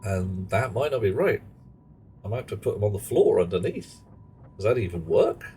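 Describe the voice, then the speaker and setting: A man's voice: lowish voice, lively intonation, moderate pace, dark tone, a little hiss or hum. Man muttering through a game stream. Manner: muttering to himself, chatty asides. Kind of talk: live gameplay commentary. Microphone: headset.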